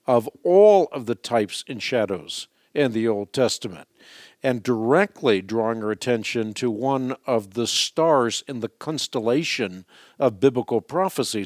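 Measured male radio call-in host. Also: medium pitch, a little mellow, dry recording, studio quality. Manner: measured, articulate, lecturing.

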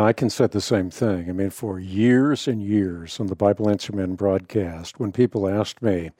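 A man hosting a theological discussion, speaking in a measured way and stressing single words. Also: lowish voice, warm tone, no room sound, clean studio sound. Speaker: podcast host.

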